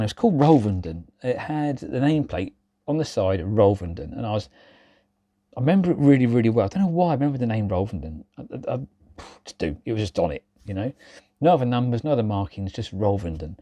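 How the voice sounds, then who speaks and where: A man's voice: on the low side, very animated, brisk, mellow, dry recording. A man in his forties chatting casually to camera, rambling and self-mocking, with lots of filler words. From England. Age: 40s. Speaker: railway vlogger.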